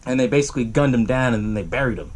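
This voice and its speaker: A man's voice: medium pitch, very fast, darkish tone. A man hosting a podcast, casually recapping a horror movie plot in a rambling, profane way, full of "you know" and little chuckles. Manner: chuckles while telling it. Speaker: podcast host.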